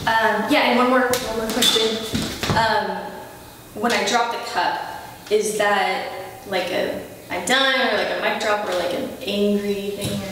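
An eager, nervous young actress, played by a woman, keeps hesitating and apologizing as she asks her questions. Her voice rings through a very echoey room, picked up from a distance over steady noise. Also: medium pitch, unhurried, natural voice. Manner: hesitant, apologetic, lots of fillers. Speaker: auditioning actress. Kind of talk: scripted comedy sketch. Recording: echoey room, far from the mic, noisy.

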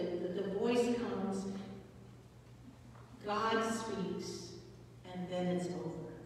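A woman's voice: a little high, darkish tone. A woman in her forties preaching a sermon in a church, telling stories in a conversational way and asking the congregation questions. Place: church sanctuary. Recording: echoey church hall from far off.

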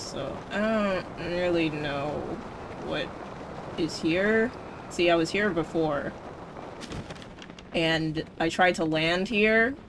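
A woman streaming a game live, excitable, talking back to the game, swearing and laughing as she plays. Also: lowish voice, noisy background. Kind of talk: live gameplay commentary.

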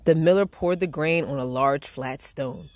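A woman reading a picture book aloud to children in a gentle, expressive storytelling manner. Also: deep voice, normal speed. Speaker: children's read-aloud host.

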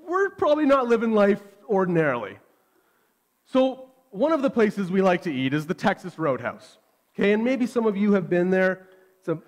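High-voiced man preaching with lively stories. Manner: animated, self-deprecating storytelling. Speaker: pastor. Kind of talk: sermon storytelling.

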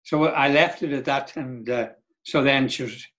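An older man from Donegal chatting as an interview guest. He talks at a middle pitch and winds through long anecdotes. He often slips into quoting other people mid-story. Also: moderate pace, fairly bright tone. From Donegal, Ireland. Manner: rambling storyteller who acts out others' lines. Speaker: guest, Irish dance teacher. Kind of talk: casual interview chat.

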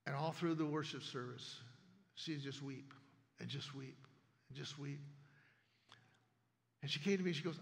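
A pastor telling a story in a sermon. His voice sits a little high for a man and has a gravelly edge. It rings out with the long reverb of a church sanctuary. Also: moderate pace, long pauses. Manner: storytelling, acts out neighbors' lines.

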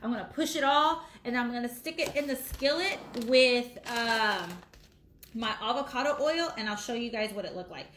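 A woman's voice: fairly high pitch, normal speed, a bit bright. A middle-aged woman chatting casually while she cooks in her home kitchen, rambling between steps. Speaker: cooking vlogger. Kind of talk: casual live cooking chat. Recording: echoey room with faint noise.

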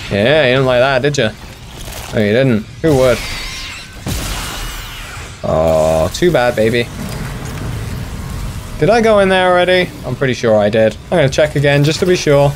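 A man's voice: medium pitch, lively intonation, moderate pace, pauses often, a little hiss or hum. A young man hosting a gaming channel, chatting casually and mocking himself as he plays. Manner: self-deprecating, sweary, chatty. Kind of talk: casual let's play commentary.

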